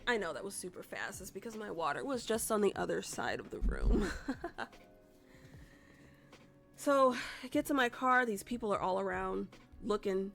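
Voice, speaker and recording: A woman's voice: medium pitch, expressive, moderate pace, gravelly, long pauses, fairly bright tone. A woman streamer casually telling a rambling, profane story to her live chat. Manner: chatty, profane, rambling with restarts.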